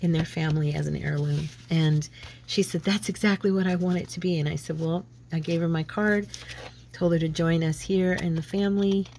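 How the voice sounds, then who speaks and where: A woman's voice: lowish voice, steady tone, moderate pace, darkish tone, slight background noise. Chatty woman with a head cold. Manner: chatty, rambling, self-deprecating. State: lingering head cold, sneezing and coughing. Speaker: craft channel host. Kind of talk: casual crafting chat.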